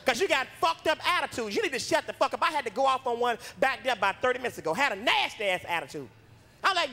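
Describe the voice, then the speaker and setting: A male stand-up comedian with an unusually high voice, doing a brash, profane, self-mocking routine on a comedy club stage. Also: very animated, quick pace, gravelly, sharp tone.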